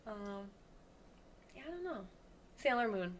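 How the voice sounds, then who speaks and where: A woman's voice: medium pitch, very animated, measured pace. A woman hosts a podcast from home, speaking in a mid-range voice. She chats enthusiastically and fills her sentences with little fillers. Faint noise sits behind her voice. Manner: chatty, filler-heavy, enthusiastic. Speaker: podcast host. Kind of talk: casual conversation.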